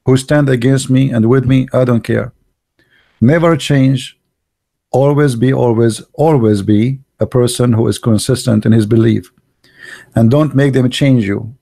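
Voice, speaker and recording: An Arabic-accented man from the Arab world holds forth in a blunt, emphatic monologue, mocking the people he argues against. His voice is mellow and gravelly. The recording is dry and close. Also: medium pitch, no echo. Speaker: online show host. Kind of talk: opinionated monologue.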